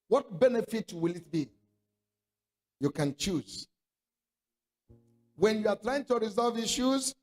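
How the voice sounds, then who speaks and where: A man's voice: high voice, darkish tone. A man preaching a sermon, emphatic, repeating his points and calling for response from the congregation.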